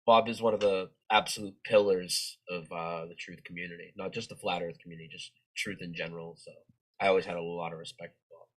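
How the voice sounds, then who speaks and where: A man's voice: deep voice, steady tone, fast talker, fairly bright tone, low-quality recording. A male guest on a livestream, speaking earnestly and steadily in tribute to a friend.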